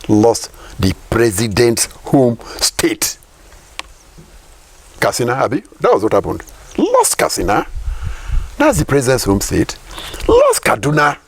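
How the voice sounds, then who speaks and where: Emphatic Nigerian man, gravelly voice. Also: fairly low pitch, a little hiss or hum. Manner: emphatic, rhetorical questions, repeats key lines. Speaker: political commentator guest. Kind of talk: political interview.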